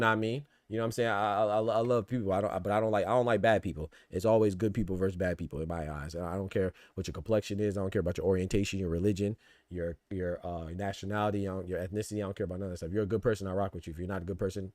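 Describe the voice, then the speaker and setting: A man hosting a podcast, riffing in casual, animated commentary full of rhetorical asides and swearing. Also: low-pitched, very fast, no room sound, clean studio sound. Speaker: podcast host. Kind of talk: casual boxing and politics commentary.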